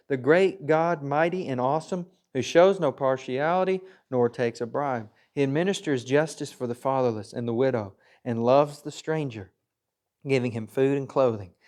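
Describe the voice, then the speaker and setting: A man with a somewhat high voice preaches in a church, reading verses aloud and then unpacking them in his own words. His delivery is earnest, swelling to loud emphasis and then sinking to near-hushed pleas. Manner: earnest, reads scripture then expounds, swings between loud and hushed. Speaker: pastor. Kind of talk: sermon.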